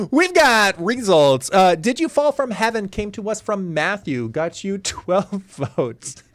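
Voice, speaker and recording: A man's voice: sits high, animated, takes it slowly, no room sound. A man hosting a livestreamed comedy game show, reading answers aloud with a chuckle and a playful tone.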